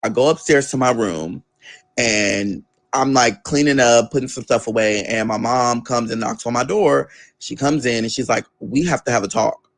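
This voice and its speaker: Interviewed as a guest, a young man with an average-pitched voice shares a story from his own life at a moderate pace. He's animated and conversational, swearing casually and slipping into the voices of the people he quotes.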